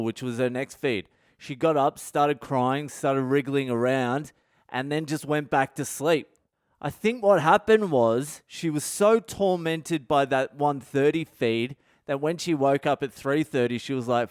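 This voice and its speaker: A man's voice: mid-range voice, a little slow, clear, resonant tone, no room sound, clean studio sound. A middle-aged man, hosting a podcast and telling a comedic story in a rambling, candid way with heavy swearing. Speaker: podcast host.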